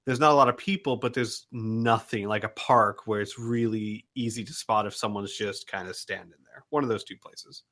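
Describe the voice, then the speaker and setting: A man's voice: on the low side, normal speed, hardly any pauses, a bit bright. A man playing in a tabletop game, describing his character's actions in an easygoing way with laughs. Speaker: player. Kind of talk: tabletop role-play chat.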